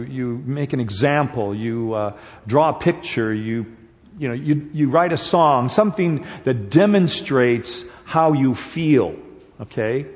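A man preaching a sermon in a church, halting with fillers and restarts, then pressing points with repetition. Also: mid-range voice, a little mellow. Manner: grows emphatic and repetitive at points. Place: church sanctuary. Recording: dull lo-fi sound with long hall reverb.

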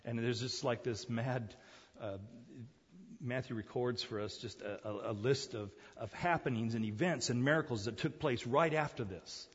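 Husky-voiced preacher in a reverberant hall. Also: male voice, medium pitch, moderate pace, muffled recording. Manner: animated storytelling, acts out the crowd's voices, laughs often. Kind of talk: sermon.

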